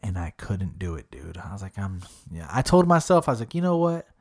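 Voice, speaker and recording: A man's voice: low-pitched, sing-song, a little fast, vocal fry, very noisy. A young man chatting casually, rambling through a story and saying "dude" a lot. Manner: rambling, laid-back, says "dude" a lot. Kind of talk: casual chat.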